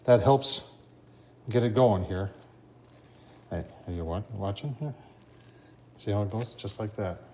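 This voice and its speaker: A man's voice: on the low side, a little slow, pauses often, darkish tone, slight background noise. A man hosting a casual cooking vlog, talking folksy and chatty and often addressing viewers as folks. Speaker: cooking channel host.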